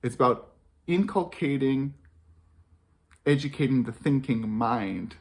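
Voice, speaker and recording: A man's voice: medium pitch, vocal fry, fairly bright tone. A man talking earnestly to camera about parenting, repeating key phrases for emphasis. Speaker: parenting educator. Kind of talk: reflective talk to camera.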